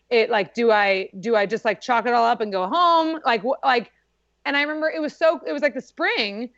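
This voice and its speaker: A woman's voice: high voice, fairly bright tone, no echo. A young adult woman as a podcast guest, casually telling a story, chatty and full of "like", often laughing as she talks. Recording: dull lo-fi.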